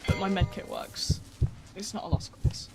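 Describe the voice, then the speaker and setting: A man's voice: high-pitched, moderate pace, loud music behind the voice. A man streaming a game live, chatting casually with his chat, swearing and laughing easily as he plays. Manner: casual, excitable, swears and laughs often while reading chat. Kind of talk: live gameplay commentary. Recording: noisy with mouse and key clicks.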